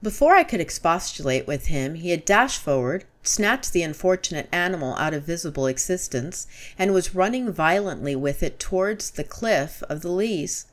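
A woman reading a classic story aloud as narrator, measured and storytelling. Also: lowish voice, animated. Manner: measured, storytelling, rising to urgent shouts in dialogue.

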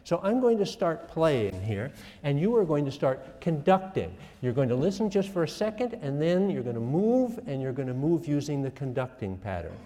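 A man's voice: a little high, normal speed. Older male professor in an echoey hall. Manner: lively, self-mocking, asks the class questions. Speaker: music professor. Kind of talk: classroom lecture. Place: lecture hall.

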